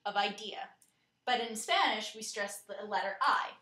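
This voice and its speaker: A woman narrating a scripted lesson in a clear, steady way, slowing down to spell out and pronounce words. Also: mid-range voice, echoey room. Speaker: teacher.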